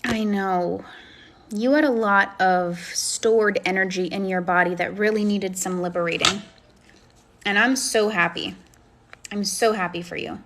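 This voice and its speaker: A woman's voice: medium pitch, fairly even intonation, measured pace, background noise. A woman coaching and chatting on a phone live stream, effusive and encouraging as she answers comments. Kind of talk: casual live-stream chat, reading comments.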